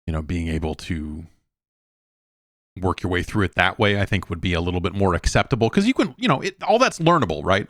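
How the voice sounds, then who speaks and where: A man's voice: sits low, sing-song, brisk, a bit bright, dry recording, studio quality. A middle-aged man hosting a show, giving a casual, rambling spoken review of a video game with many restarts and asides. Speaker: show host.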